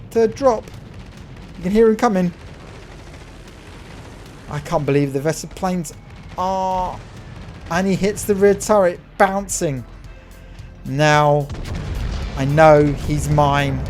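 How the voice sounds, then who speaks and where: A man who hosts a gaming channel calls the action in a naval battle game replay with excitement, rooting for his teammate and talking to viewers as "folks." His voice sits high.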